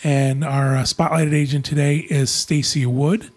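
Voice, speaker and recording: A man hosting a casual travel podcast, friendly and relaxed as he wraps up the show. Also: a little high, measured pace. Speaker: podcast host, travel agent.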